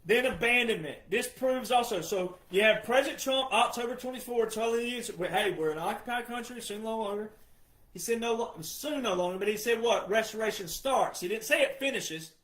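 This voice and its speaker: A man with a notably high voice delivers an impassioned commentary to his audience. He hammers points through repetition and often climbs into shouting. The sound carries a noticeable room echo. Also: fairly quick. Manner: emphatic, repetitive, rising to shouts. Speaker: political commentator. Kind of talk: impassioned monologue.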